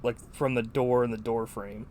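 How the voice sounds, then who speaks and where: A man's voice: mid-range voice, flat delivery, normal speed, a little mellow, a little hiss or hum. Rambling, swearing male podcast host. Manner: rambling, profane, full of "like". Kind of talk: casual film chat.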